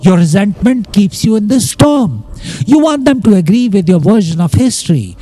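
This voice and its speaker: A man's voice: sits high, big pitch swings, moderate pace, warm tone. A man giving scripted narration on psychology in emphatic, short declarative lines.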